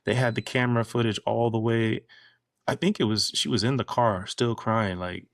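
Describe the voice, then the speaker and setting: Gravelly man telling a story. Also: moderate pace, dry recording, clean studio sound. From Florida. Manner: animated storytelling, mimics people in a high voice. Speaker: podcast co-host. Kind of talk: casual chat.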